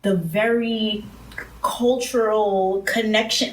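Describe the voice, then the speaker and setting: A woman talking candidly in a casual chat, slow and emphatic, frank and swearing now and then. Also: fairly high pitch, fairly bright tone. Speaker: podcast co-host. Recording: roomy echo, distant mic.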